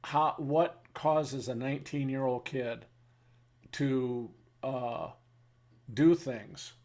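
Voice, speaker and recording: A man in his seventies, a veteran interviewee telling war stories in a halting way, with pauses and fillers, then blunt and wry. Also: mid-range voice, darkish tone. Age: 70s. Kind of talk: reflective war storytelling.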